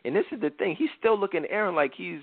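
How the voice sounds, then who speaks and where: A man's voice: sits high, animated, fast, no echo. A man hosting a talk show, retelling a Bible story in casual slang and acting out the quotes. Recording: dry, phone-like radio sound.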